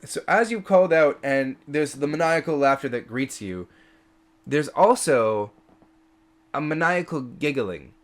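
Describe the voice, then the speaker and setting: A man's voice: a little high, animated, a little slow. A man running a tabletop game as game master, explaining rules and describing scenes playfully.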